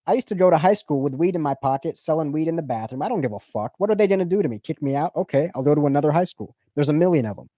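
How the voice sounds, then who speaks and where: Guy on a livestream, kinda high voice, swears a lot, dry close mic. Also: very fast, few pauses, no echo. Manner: profane, animated storytelling with put-on quotes. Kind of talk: casual livestream chat.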